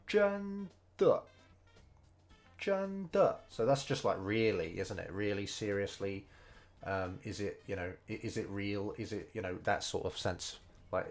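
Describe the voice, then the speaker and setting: A man casually thinking aloud as he studies Mandarin over gameplay, hesitant and full of fillers. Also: on the low side. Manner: slow, unhurried delivery. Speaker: streamer learning Mandarin. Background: faint game music.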